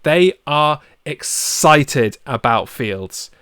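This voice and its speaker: Brief: male podcast co-host, thirties, excitable sports talk, clean resonant voice. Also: fairly high pitch, extremely slow, smooth, no room sound, studio quality. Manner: excitable, animated storytelling. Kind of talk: casual sports podcast chat.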